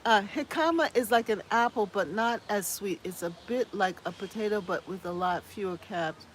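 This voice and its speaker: A woman's voice: medium pitch, normal speed, slight background noise. A woman from the US hosting a casual gardening live stream, reading viewer comments aloud and chatting back with easy laughs. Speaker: host reading live chat.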